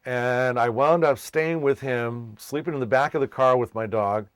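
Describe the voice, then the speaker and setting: A man's voice: medium pitch, moderate pace, smooth, dry recording. Man telling his life story, very dry. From Massachusetts. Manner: animated, acts out quoted voices. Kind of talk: casual storytelling.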